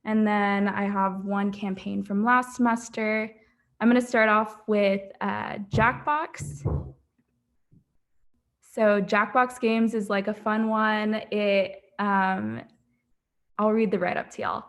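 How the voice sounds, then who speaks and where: A woman's voice: mid-range voice, fairly even intonation, takes it slowly. A young woman presenting her portfolio on a livestream, casual and chatty with lots of filler words. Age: young adult.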